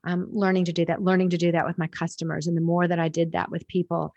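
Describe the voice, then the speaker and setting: A woman's voice: lowish voice, monotone, fast, a little mellow, dry recording, dull audio. A woman guest on a podcast interview, talking in a reflective, rambling way with restarts.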